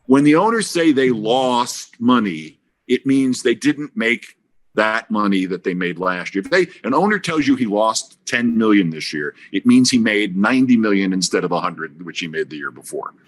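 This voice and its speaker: A man's voice: fairly low pitch, expressive, moderate pace. A man guesting on a podcast, telling anecdotes with big swings in his voice and acted-out quotes. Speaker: guest broadcaster.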